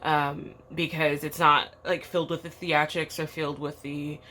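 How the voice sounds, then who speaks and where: Low groggy woman rambling casually in her treehouse, kinda blunt, little bit of hum behind. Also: little pitch movement, moderate pace, pushed and bright. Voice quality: groggy morning voice. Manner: blunt, chatty, rambling with fillers. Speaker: tarot vlogger. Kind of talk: casual morning vlog. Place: outdoor treehouse.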